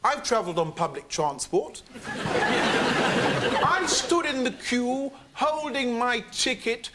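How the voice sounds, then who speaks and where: A man giving a mock-grand comic speech in a debate, with a deadpan delivery. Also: very high-pitched, takes it slowly, very noisy.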